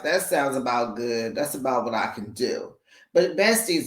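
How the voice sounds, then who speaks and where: A sassy, animated recap host who takes the talk slowly and laughs often, calling listeners honey and baby. The voice rings in an echoey room. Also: medium pitch. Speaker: reality show recap host. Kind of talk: casual chat recap.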